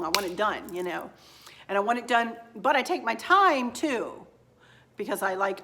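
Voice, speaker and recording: A woman's voice: lowish voice, fairly bright tone. A middle-aged woman chatting in a rambling, folksy way as she shows home decor finds. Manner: rambling, folksy, self-deprecating, talks straight to viewers. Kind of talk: casual chatty shopping haul. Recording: echoey room.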